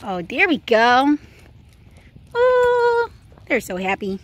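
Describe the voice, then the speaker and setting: A woman's voice: high voice, wildly swooping pitch, slow pace. A woman, filming a casual vlog as a pet sitter and talking to dogs in sing-song baby talk.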